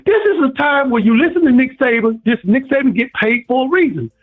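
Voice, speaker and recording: High-pitched man ranting over a phone line. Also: a little fast, soft background music. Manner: preachy, repetitive, animated storytelling. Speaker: caller. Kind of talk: impassioned call-in rant.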